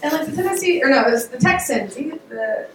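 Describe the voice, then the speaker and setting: A woman with a fairly high voice gives a chatty, animated sermon full of laughs and restarts, her voice getting worn. She sounds set back from the mic in a reverberant room. Faint room noise hums underneath. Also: fast talker. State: losing her voice. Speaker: speaker giving a devotional talk. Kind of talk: casual sermon. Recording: echoey room, voice picked up from a distance.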